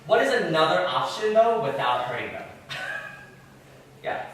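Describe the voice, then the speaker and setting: A man's voice: a little high, very animated, a little slow, background noise. A man leading an interactive Bible class in a church room, questioning his listeners in a chatty way. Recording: very echoey room, far from mic.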